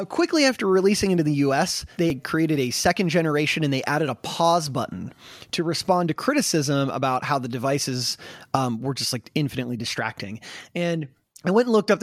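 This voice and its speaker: A man hosting a casual podcast, telling the story in an animated way with fillers and swearing. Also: a little high, no echo, clean studio sound. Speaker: podcast host.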